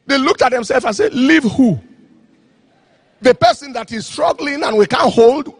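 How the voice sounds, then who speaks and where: A man preaching an impassioned sermon, telling a story and shouting out phrases. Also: very high-pitched, lively intonation, normal speed, breathy edge, dry recording.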